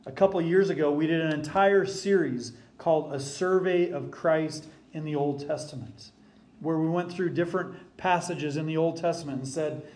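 A man preaching a sermon from the pulpit as the pastor, emphatic and deliberate, slowing down to stress key phrases. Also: fairly high pitch, a little mellow.

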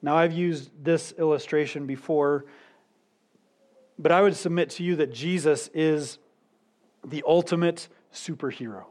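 Slow-speaking male pastor preaching. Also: a little high, darkish tone. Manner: teaching verse by verse, slowing down to stress key words. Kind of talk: sermon.

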